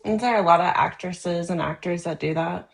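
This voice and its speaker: Gravelly low-voiced American woman. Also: normal speed. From United States. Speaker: panel guest. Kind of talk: casual panel chat.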